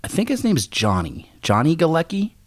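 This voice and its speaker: A man in his thirties co-hosting a podcast, telling rambling stories in a relaxed, easygoing way. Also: fairly high pitch, brisk. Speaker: podcast co-host. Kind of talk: casual chat over beer.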